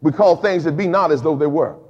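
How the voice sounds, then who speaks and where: A man a sermon as pastor, lively and emphatic, with frequent repeated words and casual dialect. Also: a little high, fairly quick. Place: church sanctuary. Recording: dull lo-fi recording with long hall reverb.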